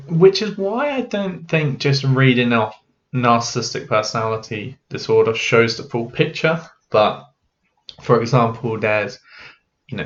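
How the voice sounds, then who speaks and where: Frank man, halting and candid. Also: mid-range voice, fairly bright tone. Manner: frank, halting, with many "you know" and "um" fillers. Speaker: mental health vlogger. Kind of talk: candid personal talk to camera. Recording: dull lo-fi audio.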